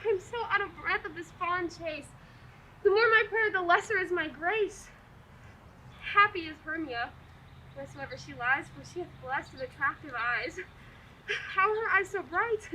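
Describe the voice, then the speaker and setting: A woman's voice: extremely high pitch, pushed and bright, full character voice. A woman playing a lovesick, desperate young woman in a live student stage play, pleading breathlessly in verse. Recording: noisy live stage recording.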